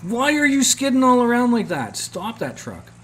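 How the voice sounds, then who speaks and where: A man voicing a fussy female tavern keeper from a video game, scolding in a squeaky way. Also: wildly swooping pitch, moderate pace, a bit bright, exaggerated voice.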